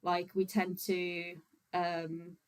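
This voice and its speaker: A woman's voice: on the low side, drawn-out words, clean tone, poor audio. A woman hosting a casual livestream, chatting easily with her viewers and stopping often for fillers and small laughs. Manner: chatty and relaxed, many fillers, frequent laughs. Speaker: vegan activist livestream host.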